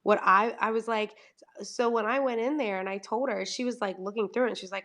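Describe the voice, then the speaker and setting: A woman's voice: mid-range voice, steady tone, quick pace, fairly bright tone. A talkative woman livestreaming from home, chatting casually and acting out her own conversations. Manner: chatty, over-explaining, quoting herself in dialogue. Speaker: livestream host.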